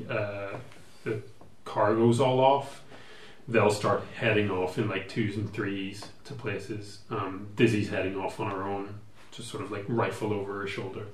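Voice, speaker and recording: A man narrating as game master of a tabletop game, rambling and hesitant with many fillers. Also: mid-range voice. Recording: echoey room with faint ambient noise.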